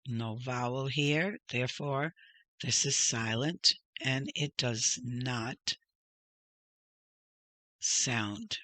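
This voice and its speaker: A man's voice: mid-range voice, takes it slowly, long pauses, pushed and bright, no echo. A man teaching a reading lesson, patiently sounding out each syllable and pointing things out step by step. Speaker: Hebrew teacher. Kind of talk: slow spoken lesson.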